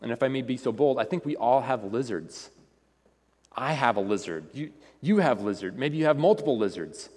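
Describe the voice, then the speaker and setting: A man's voice: medium pitch, lively intonation, moderate pace, darkish tone. A man preaching a sermon to a congregation in a conversational way, often repeating words as he goes. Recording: reverberant hall.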